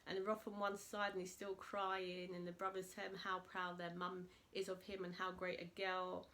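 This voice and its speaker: A woman chatting to camera, recapping a reality show and retelling it with animated quotes. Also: moderate pace. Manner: animated retelling, voices quotes in a high excited pitch. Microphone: camera mic, speaking to camera.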